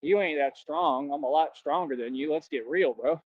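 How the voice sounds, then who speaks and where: Speaking at normal speed in a fairly high voice, a young ex-bouncer delivers a rambling, boastful livestream rant full of slang and aggression. There's no room sound, and the audio is dull, dry, and lo-fi.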